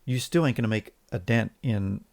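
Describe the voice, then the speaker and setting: A man co-hosting a podcast in casual opinion chat, sarcastic and halting with restarts. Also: fairly low pitch, creaky, darkish tone. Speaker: podcast co-host.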